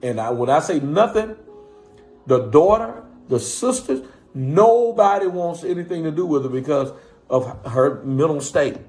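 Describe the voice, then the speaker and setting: Fervent high-voiced pastor preaching to viewers. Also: male voice, lively intonation, measured pace, darkish tone. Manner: preaching cadence, repeatedly calling on listeners. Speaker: pastor and live-stream host. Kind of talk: impassioned live-stream talk to viewers.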